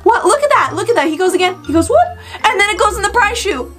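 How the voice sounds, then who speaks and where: A woman arcade vlogger giving excited, playful reaction commentary, full of exclamations. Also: very high-pitched, fast, loud music behind the voice. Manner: bubbly, exclamatory, playful voices.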